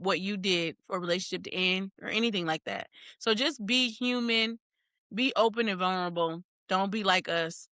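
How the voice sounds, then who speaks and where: A woman's voice: medium pitch, sharp tone, no echo, clean studio sound. A woman co-hosting a podcast in casual chat, talking candidly, laughing often and acting out quoted exchanges.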